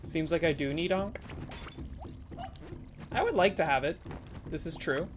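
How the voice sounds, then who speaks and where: A woman streaming a game live, chatting casually with viewers in a playful way and breaking into sudden loud exclamations. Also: low-pitched, animated, a little slow, background noise.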